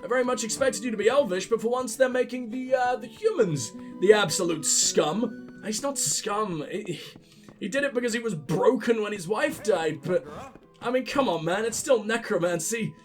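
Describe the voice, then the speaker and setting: A man's voice: high voice, lively intonation, moderate pace, faint music behind. A man commentating on his own gameplay, sarcastic and profane, mocking what he sees. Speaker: let's play host.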